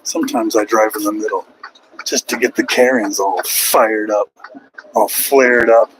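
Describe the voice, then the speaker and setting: A man's voice: lowish voice, steady tone, a little slow, noisy background. Sarcastic trucker ranting from his cab. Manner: sarcastic, mocking, heckles critics in a put-on whiny voice. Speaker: truck driver vlogger. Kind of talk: live-stream rant to chat. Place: inside a truck cab on the road.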